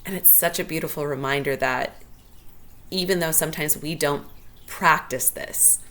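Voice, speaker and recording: Solo host, woman, deep voice, earnest and heartfelt, unscripted musing. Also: normal speed, a bit bright. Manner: earnest, heartfelt, thinking aloud. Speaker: podcast host. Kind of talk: solo reflective monologue.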